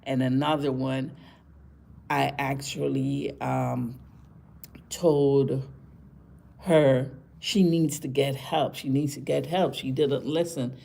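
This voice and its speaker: A woman talking casually to live-stream viewers, chatty and indignant, repeating words for emphasis, tired after a rough morning. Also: a bass voice, mellow, slight background noise.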